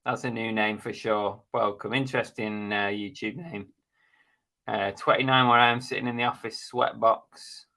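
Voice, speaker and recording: A man's voice: on the low side, steady tone, moderate pace, gravelly, pushed and bright. A man hosting a casual live stream, chatting bluntly and jokily while reading out viewer comments.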